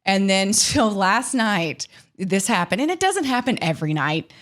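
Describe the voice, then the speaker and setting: Laughing, candid mom co-host. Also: female voice, mid-range voice, big pitch swings, moderate pace, a bit bright. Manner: candid, laughing, swears freely. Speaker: podcast co-host. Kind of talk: casual chat.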